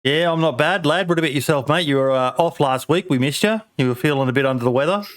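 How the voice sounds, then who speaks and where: A man's voice: fairly high pitch, quick pace, a bit bright. A man hosting a casual podcast, bantering and swearing freely with his guests. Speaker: podcast host.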